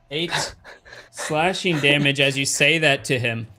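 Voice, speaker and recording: A man from Canada narrating a tabletop game as dungeon master, halting with fillers. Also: a little high. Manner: slow, halting narration with many fillers and laughs.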